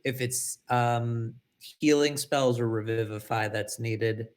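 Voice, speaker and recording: A man playing a tabletop game who states his moves in an earnest, deliberate way. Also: mid-range voice, steady tone. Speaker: player. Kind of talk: casual play at a tabletop game.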